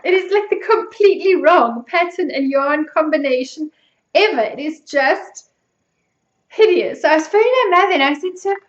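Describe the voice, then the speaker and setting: Chatty high-voiced South African woman. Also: normal speed, reverberant, highs cut off. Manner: chatty, self-mocking, laughs often. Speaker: podcast host. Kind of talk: casual chat.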